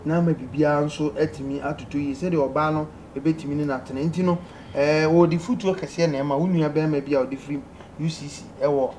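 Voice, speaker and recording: A man hosting a call-in advice show, reading out listener messages in a lively way and laughing often. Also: fairly high pitch, fast talker, a little hiss or hum. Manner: lively, laughing, pleading with callers to speak.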